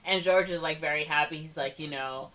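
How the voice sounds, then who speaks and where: A woman's voice: low-pitched, fairly quick, a bit bright, far from the mic. A woman co-hosting a podcast, casually retelling a movie plot with lots of "like" and "whatever". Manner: rambling retelling full of "like" and "whatever". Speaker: podcast co-host. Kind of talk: casual movie recap chat.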